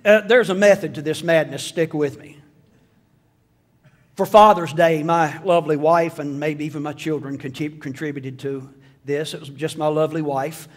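High-voiced folksy preacher. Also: male voice, steady tone, moderate pace. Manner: folksy storytelling with jokes and voiced asides. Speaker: pastor. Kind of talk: sermon. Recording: long hall reverb.

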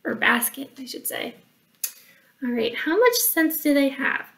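A woman's voice: high voice, very animated, unhurried, a bit bright, far from the mic, poor audio. A woman librarian reading a picture book aloud to children, stopping for chatty asides and working out the math with them.

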